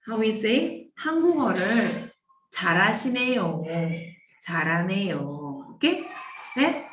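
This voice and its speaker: A woman's voice: mid-range voice, animated, normal speed, echoey room, recorded from a distance, dull audio. A woman with a Korean accent teaching a beginner language class, repeating phrases and checking in with her students. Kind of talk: online language lesson.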